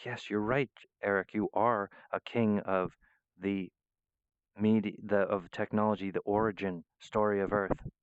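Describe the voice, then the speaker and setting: Rambling, profane male vlogger, low smooth voice, dry lo-fi recording. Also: steady tone, measured pace, no echo. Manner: rambling, profane, restarts mid-phrase. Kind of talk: rambling monologue.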